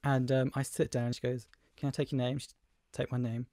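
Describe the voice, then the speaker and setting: A young man co-hosting a casual podcast, jokey, with quick interjections. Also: medium pitch, flat delivery, dark tone, no room sound, clean studio sound. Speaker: podcast co-host. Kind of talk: casual chat.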